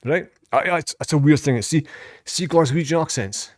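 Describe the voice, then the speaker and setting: A man's voice: fairly high pitch, normal speed, no room sound, clean studio sound. A Scottish man giving rambling, casual reaction commentary as a vlogger, swearing freely as he talks.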